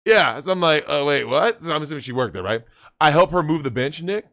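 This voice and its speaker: A man telling a story in casual chat, animated, swearing and repeating himself. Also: on the high side, brisk. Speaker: guest.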